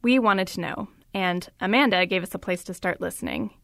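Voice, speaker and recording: A woman's voice: fairly low pitch, a little fast, gravelly, fairly bright tone, no echo. Woman narrating a podcast story, dry sound. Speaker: reporter and narrator.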